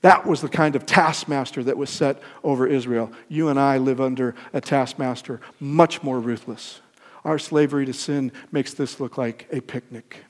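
Older preacher in a reverberant hall. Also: male voice, medium pitch, steady tone, normal speed. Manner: emphatic, rising to loud peaks then dropping soft; asks the congregation questions. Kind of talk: sermon.

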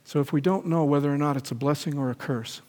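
A man's voice: on the high side, fast. Earnest male pastor in an echoey hall. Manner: storytelling, earnest, then gentle prayer. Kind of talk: sermon.

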